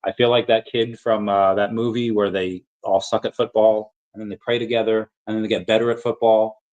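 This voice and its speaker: A man's voice: fairly low pitch, little pitch movement, brisk, a little mellow, dull audio. A man hosting a casual livestream, reading viewer comments and rambling off on tangents. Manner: rambling, easily sidetracked, self-interrupting. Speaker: crypto livestream host.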